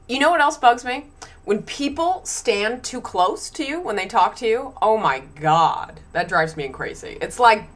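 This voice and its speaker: A young woman venting her pet peeves in a casual home vlog, exasperated and animated, with frequent ums. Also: fairly high pitch. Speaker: vlogger.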